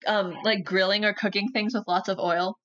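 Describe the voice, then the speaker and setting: A woman's voice: mid-range voice, flat delivery, normal speed, a bit bright, muffled recording. A young woman co-hosting a casual group chat, chatty and self-deprecating, with lots of filler words. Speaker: podcast co-host.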